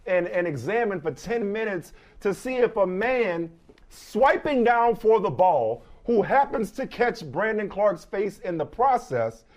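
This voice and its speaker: A man hosting a sports debate show, venting in exaggerated mock outrage and shouting at times. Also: high voice, big pitch swings, a little slow. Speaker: sports talk show host.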